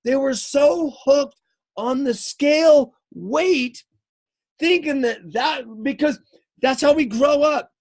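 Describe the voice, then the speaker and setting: A male fitness coach giving an energetic live coaching talk, emphatic and repetitive, often checking in with "okay?". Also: very high voice, slow pace. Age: adult, married eighteen years.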